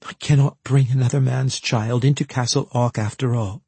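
A man's voice: mid-range voice, steady tone, normal speed, creaky, a little mellow, husky, no echo, voice pushed up. A man voicing a determined young peasant woman who speaks in an earnest, pleading way.

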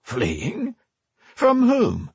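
A man voicing a fussy, nervous old male mage who talks gruffly with sudden sharp outbursts. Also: sits high, huge pitch swings, extremely slow, no echo, voice pushed up, exaggerated voice. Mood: agitated.

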